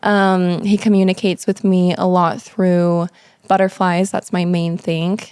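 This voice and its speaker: A woman's voice: fairly low pitch, level tone, unhurried, darkish tone, clear, resonant tone, no echo, studio quality. A woman guest on a podcast, chatting casually and eagerly affirming the other speaker. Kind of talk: casual conversation.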